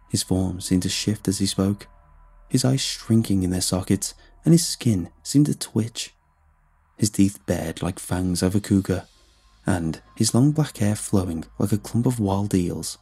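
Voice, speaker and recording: A man narrating a scripted horror story in a steady, measured way. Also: sits low, creaky, breathy edge, soft background music.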